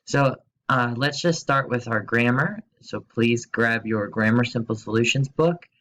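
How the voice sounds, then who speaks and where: A man teaching a recorded remote grammar lesson at his computer, explaining slowly and spelling words out, with playful quiz questions and jokes. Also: mid-range voice, fairly bright tone, poor audio.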